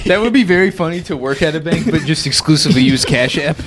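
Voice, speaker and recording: A man co-hosting a casual talk show, making wry, deadpan jokes and rambling explanations. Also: a little high, fast talker, very noisy. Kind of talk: casual chat.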